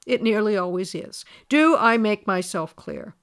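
A woman voicing a storybook king who lectures firmly and reasonably, in a smooth voice. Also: mid-range voice, expressive, unhurried. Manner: firm, lecturing, then tender.

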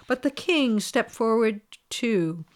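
A woman reading a fairy tale aloud, lively and expressive. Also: fairly high pitch, takes it slowly. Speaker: storyteller.

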